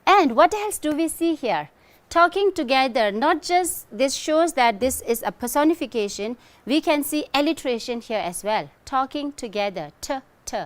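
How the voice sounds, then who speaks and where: A woman's voice: high-pitched, expressive, normal speed. A middle-aged woman teaching an English lesson, explaining step by step and checking in often with "okay?" and "right?". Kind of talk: recorded online lesson.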